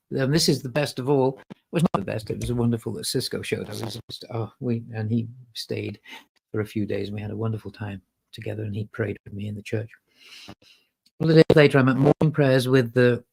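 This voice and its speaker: A man, a guest musician, telling animated anecdotes in a casual podcast chat. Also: medium pitch, gravelly, slightly rough. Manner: animated storyteller, acts out quotes. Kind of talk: anecdotal storytelling.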